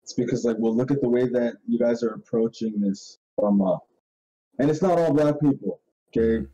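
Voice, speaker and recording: A man's voice: mid-range voice, moderate pace, mellow, lo-fi sound, a little hiss or hum. A man hosting a podcast in casual chat, ranting in a rambling, profane way and laughing often. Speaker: podcast host.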